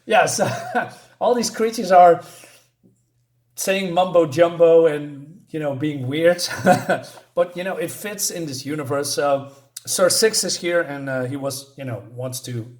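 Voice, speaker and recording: A man's voice: a little high, measured pace, a little mellow. A man casually reviewing a comic book, reading panels aloud and rambling with many fillers and chuckles.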